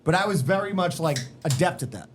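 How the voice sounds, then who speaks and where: Recorded on a podcast mic in a garage with a little hiss or hum, a middle-aged man with a slight Boston accent shares work stories as a guest. He talks a little fast in a high-sitting voice with lively intonation, staying blunt, profane, emphatic, and street-smart in this casual storytelling chat.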